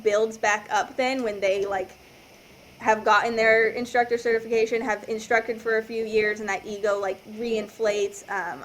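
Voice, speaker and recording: A woman dive instructor talks through her experience in a loose, rambling way, pausing often and leaning on "like". Her voice sits at a middle pitch. A faint hiss of background noise runs underneath her speech. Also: fairly bright tone, poor audio. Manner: rambling, hesitant, heavy use of "like". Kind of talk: casual round-table chat.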